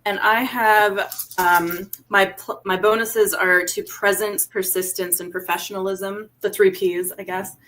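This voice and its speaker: A woman's voice: mid-range voice, fairly even intonation, unhurried, few pauses, a bit bright. A woman playing a tabletop game, politely and tentatively explaining what her character does. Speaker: player. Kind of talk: tabletop role-play chat.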